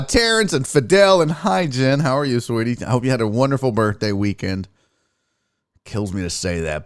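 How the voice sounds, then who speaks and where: Animated, joking male sports-show host. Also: medium pitch, no room sound, studio quality. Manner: rambling, joking, profane; greets chat viewers by name. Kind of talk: casual live-stream chat.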